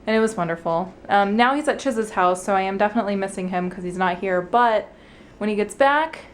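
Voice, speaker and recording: A woman's voice: medium pitch, brisk. A young woman chatting casually and bubbly to her vlog camera about her day. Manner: bubbly and apologetic. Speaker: vlogger, the host's wife.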